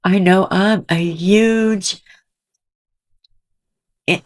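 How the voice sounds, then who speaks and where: A woman's voice: medium pitch, fairly even intonation, extremely slow, a little mellow. A middle-aged woman hosting a commentary channel, talking in an emotional, indignant, rambling way from a small room at home.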